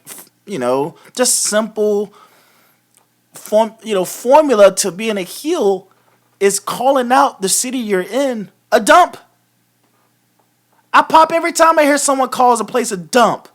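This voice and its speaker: A man hosts a live wrestling recap and rants in a loose, profane, animated way. His pitch swings up and down a lot, and he breaks into laughs often. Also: unhurried. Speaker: host of a wrestling recap show. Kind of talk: live casual commentary recap.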